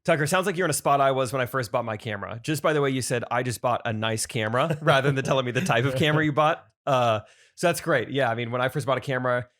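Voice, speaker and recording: A man's voice: mid-range voice, quick pace, a bit bright. A man in his thirties co-hosting a podcast, giving encouraging advice in casual chat and laughing along. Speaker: podcast co-host.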